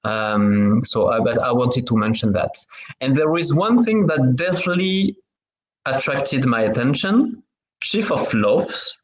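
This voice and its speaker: A man's voice: medium pitch, lively intonation, unhurried, poor audio. French-accented male podcast host. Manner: hesitant, many fillers and restarts. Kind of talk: interview.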